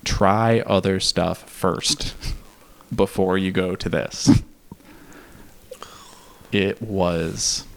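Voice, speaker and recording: A man's voice: sits low, steady tone, takes it slowly, creaky. A man telling a candid personal story in casual conversation, laughing now and then and swearing freely. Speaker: podcast guest.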